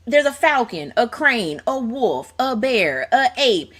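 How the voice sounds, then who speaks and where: A woman's voice: fairly high pitch, sing-song, slow, a bit bright. A woman guesting on a casual movie review chat, playful and teasing. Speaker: podcast guest.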